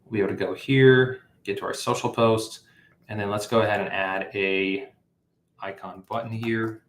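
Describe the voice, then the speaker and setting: Here's a livestream host coding an app in a casual walkthrough, filling pauses and self-correcting as he thinks out loud. He speaks on the low side, with a steady tone at a moderate pace. There's reverb and a touch of background noise.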